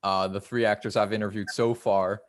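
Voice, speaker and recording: A man's voice: on the low side, level tone, normal speed, slight background noise. A man hosting a casual interview, upbeat and affirming. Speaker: interview host.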